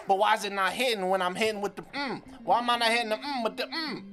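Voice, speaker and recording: A man's voice: high voice, quick pace, bright, forceful tone. A young man streaming a rhythm game, frustrated and trash-talking with lots of swearing. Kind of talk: live gameplay commentary.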